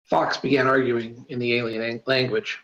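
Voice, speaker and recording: A man's voice: mid-range voice, level tone, moderate pace, fairly bright tone. A man reading his own story aloud, casual, stopping to add asides and apologies. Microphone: voice-chat mic. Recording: roomy, dull voice-chat audio.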